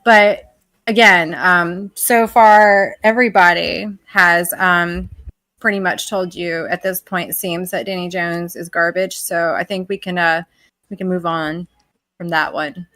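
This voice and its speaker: A woman's voice: on the low side, steady tone, measured pace, pushed and bright. An American woman as a guest in casual chat, exasperated and sarcastic, swearing freely. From United States. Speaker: guest on a stream.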